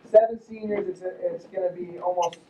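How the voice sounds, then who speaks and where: Male coach with a high voice, rambling and joking through a banquet speech in a lodge hall. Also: fairly even intonation, fairly quick, mellow, dull audio, slight background noise. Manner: casual, rambling, joking with the audience. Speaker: wrestling coach.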